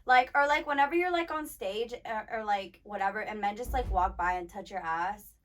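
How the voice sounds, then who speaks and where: A woman's voice: medium pitch, a little fast. A woman in her twenties co-hosting a podcast, telling blunt, profane stories in casual chat, full of "like". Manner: blunt, profane storytelling, heavy filler "like". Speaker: podcast co-host.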